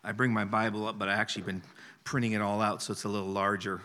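A man's voice: lowish voice, level tone, fast talker, sharp tone, a little hiss or hum. A man guest preacher giving a sermon, earnest and emotional, often chuckling between lines.

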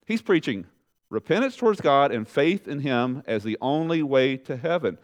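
A male pastor delivers a sermon in a lively, conversational way. He speaks straight to the congregation, climbs high and loud on his questions, and sinks to a low, quiet voice for emphasis. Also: moderate pace. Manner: animated preaching, rising loud on questions and dropping low and soft for emphasis.

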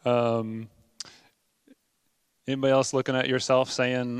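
A man's voice: medium pitch, little pitch movement, slow, pauses often, clean tone, dry recording, clean studio sound. A man preaching a sermon in an earnest, conversational way, with many ums and uhs. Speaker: pastor.

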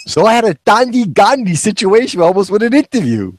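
A man in casual conversation, spinning anecdotes and acting out the people in them. His voice sits a little high and moves with lively swings in pitch. The recording is close and dry, with no room sound. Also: quick pace, few pauses, no room sound. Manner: storytelling, chuckling, acts out quoted voices. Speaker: co-host. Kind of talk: casual chat.

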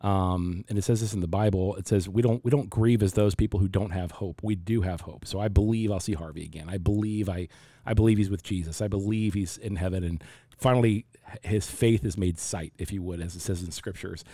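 A man in his forties with a low, mellow voice, talking through his faith in an unhurried, reflective way. He often stops and restarts his sentences. The recording is dry and close. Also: dry recording. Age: 40s. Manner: reflective, halting with many restarts. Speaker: pastor. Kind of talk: casual faith discussion.

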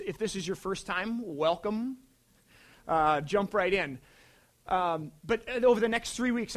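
High-voiced conversational male pastor. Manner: conversational, dynamic swings from loud to quiet. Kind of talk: sermon.

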